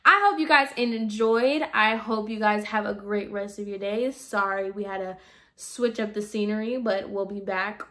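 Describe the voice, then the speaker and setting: A young woman hairstylist telling a casual storytime rant, sassy and animated, acting out the people she quotes. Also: medium pitch, moderate pace. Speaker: hairstylist vlogger.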